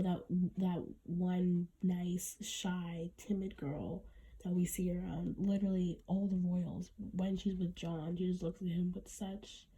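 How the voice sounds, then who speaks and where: A woman's voice: fairly low pitch, dark tone, slightly rough. A woman hosting her own podcast, talking in an earnest, reflective way and often restarting her sentences. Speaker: podcast host. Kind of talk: casual podcast monologue.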